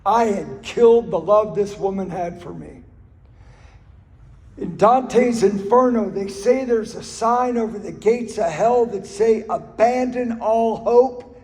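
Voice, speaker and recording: In a reverberant hall, a man with a high-pitched, slightly mellow voice gives an earnest talk about his personal recovery. He recounts stories and leans on repeated phrases for emphasis.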